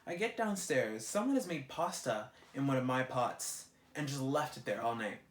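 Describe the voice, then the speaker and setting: A young man tells a vlog rant at an animated, exasperated pitch, cursing freely. His voice sits at a medium pitch. The room around him rings with a noticeable echo. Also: moderate pace. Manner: animated, exasperated, heavy swearing. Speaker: vlogger. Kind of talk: ranting vlog monologue. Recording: roomy echo.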